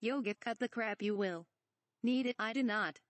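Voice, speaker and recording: A woman's voice: a little high, moderate pace, no echo, close to an everyday voice. Woman reading as a tiny mischievous old swamp creature. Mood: teasing. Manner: speaks with inverted word order. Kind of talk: reading a fan parody script aloud.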